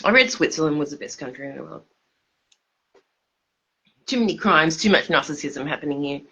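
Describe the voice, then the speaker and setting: This tipsy Australian woman has a deep, slightly rough voice with a sharp tone, and she speaks briskly and expressively. She's drunk and slurring as she rambles loosely and repetitively on a livestream, breaking into laughter mid-sentence. The highs are cut off in the audio.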